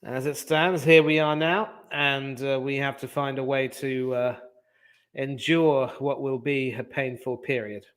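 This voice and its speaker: A man hosting a football watch-along over a video call, talking in a measured, thoughtful way with frequent pauses. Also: medium pitch, fairly even intonation, fairly bright tone, clean tone. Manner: measured, thoughtful, hesitant with fillers. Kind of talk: casual match chat over video call.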